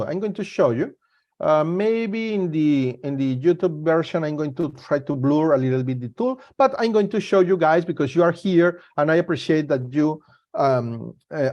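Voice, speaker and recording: Higher-voiced man presenting a security webinar. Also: a little mellow. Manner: halting, repeats and restarts words. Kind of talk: live webinar talk.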